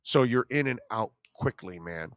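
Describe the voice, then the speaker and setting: Smooth-voiced chatty male sports radio host. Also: mid-range voice, animated, moderate pace, a bit bright, dry recording, clean studio sound. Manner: chatty, self-deprecating, emotional. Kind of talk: casual live show chat reading comments.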